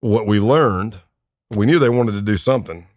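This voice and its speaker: A man's voice: fairly low pitch, normal speed, a little mellow, no room sound, clean studio sound. A man in his fifties, a retired undercover agent, telling stories in a laid-back, wry way as a podcast guest. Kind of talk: anecdotal storytelling in a podcast interview.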